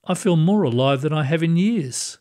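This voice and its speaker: A man voicing a soft-spoken retired cleaning lady. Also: on the high side, lively intonation, normal speed, close to an everyday voice. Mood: wondering. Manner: soft, wondering, bewildered. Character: gentle older woman, a retired cleaner, newly dead.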